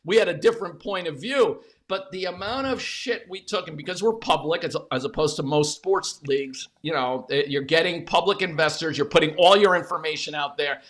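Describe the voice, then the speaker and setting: Casting note: male guest, somewhat higher voice, blunt and emphatic, salty storytelling. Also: brisk, hardly any pauses. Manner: emphatic, profane, repeats words when animated. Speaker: interview guest, former media executive. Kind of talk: candid conversational storytelling.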